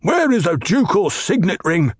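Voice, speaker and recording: A man's voice: high voice, sing-song, normal speed, husky, dry recording, pitched above the performer's own voice, exaggerated voice. A man voicing a cruel, domineering, gluttonous baron who snaps impatiently at his underlings. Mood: scolding.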